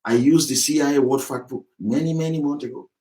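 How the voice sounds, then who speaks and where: A man's voice: medium pitch, steady tone, a little fast, mellow, rough recording. Angry ranting man. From southwest Nigeria (Yorubaland). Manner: angry, ranting, emphatic, repetitive. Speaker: political campaigner. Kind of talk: impassioned political monologue.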